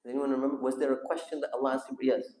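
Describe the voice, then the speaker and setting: Speaking very fast and flatly in a medium-pitched, mellow voice, a sheikh teaches a class in an echoey mosque hall. He tells a religious story as a lesson, asking questions of the audience and calling on listeners.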